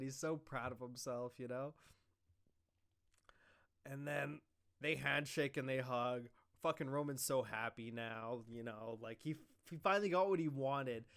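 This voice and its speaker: A man's voice: mid-range voice, measured pace, clean tone. A man casually recapping a wrestling show, rambling, swearing and acting out quoted lines. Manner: rambling, profane, animated retelling with quoted lines.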